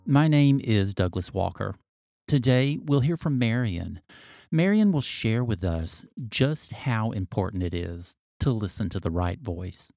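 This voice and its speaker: A man hosting a podcast in a measured, scripted, announcer-like way. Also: fairly low pitch, animated, vocal fry, dark tone, no room sound, studio quality. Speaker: podcast host.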